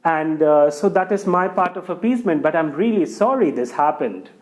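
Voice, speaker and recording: A man's voice: fairly high pitch, animated, normal speed, close to an everyday voice. A man voicing an anxious, apologetic groom in a folk tale. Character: anxious, agreeable bridegroom figure.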